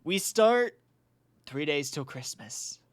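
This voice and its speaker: Young guy, loose animated chatter, lots of laughs and swearing, varied pitch. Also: slow pace, no echo. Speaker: podcast co-host. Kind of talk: casual chat.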